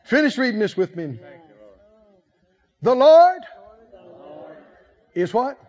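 A man's voice: very high voice, big pitch swings, slow, darkish tone. A man preaching a sermon with emphatic calls for the congregation to answer back. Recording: slightly muffled recording.

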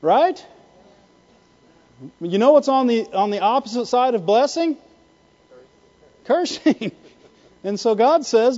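A male pastor preaches with a high, lively voice that leaps up and down as he keeps asking the congregation for an "Amen." His tone is mellow and warm rather than sharp. The recording sounds a little dull and muffled. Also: unhurried, long pauses. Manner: animated preaching, repeated "Amen?" and "Why?" to the congregation. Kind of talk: sermon.

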